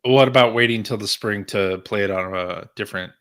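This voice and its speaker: A man co-hosting a podcast in casual chat, relaxed and laughing as he talks. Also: fairly low pitch, a little fast. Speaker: podcast co-host.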